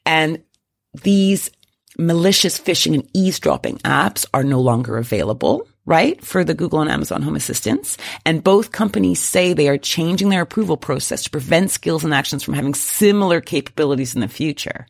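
A man's voice: fairly high pitch, expressive, brisk, vocal fry, dry recording, studio quality. A man co-hosting a casual tech podcast, explaining with lots of "right?" tags. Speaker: podcast co-host.

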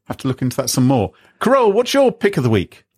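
Teasing man with a husky voice. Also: medium pitch, huge pitch swings, fast, no echo, studio quality, faint music behind. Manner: teasing, mock-shocked. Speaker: podcast host. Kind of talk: casual chat.

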